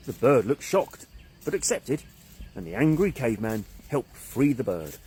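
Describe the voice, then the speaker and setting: A man narrating a children's story in an animated, expressive way. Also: mid-range voice, unhurried, pauses often, husky.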